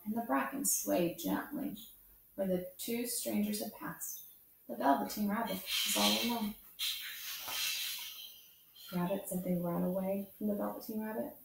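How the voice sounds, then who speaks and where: A woman hosting storytime who reads a children's book aloud in a gentle, expressive way and adds chatty asides. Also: mid-range voice, creaky, heavy background noise. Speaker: storytime host. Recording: echoey room, far from mic.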